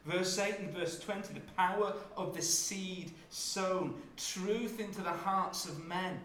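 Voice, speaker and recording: Male preacher, measured slow delivery, somewhat high voice, roomy hall sound. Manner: dramatic shifts from hushed to loud when acting out scenes. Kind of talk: sermon.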